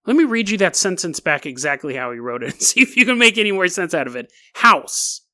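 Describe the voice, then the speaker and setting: A man hosting a comedic podcast monologue, talking in an animated, mocking way and laughing often as he reads. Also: high voice, brisk. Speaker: podcast host.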